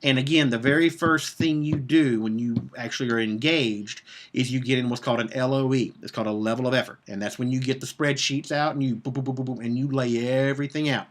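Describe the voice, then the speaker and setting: During a Facebook Live business coaching session, a man coaches agency owners bluntly and with profanity, hammering his points home with a repeated "okay?". His mid-range voice is brisk, with fairly even intonation.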